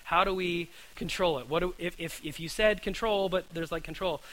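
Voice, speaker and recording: Man, preacher, conversational sermon, forceful bright tone, fairly high voice, earnest, repeats himself. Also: normal speed, rough recording. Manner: earnest, repeats words, asks "right?" often.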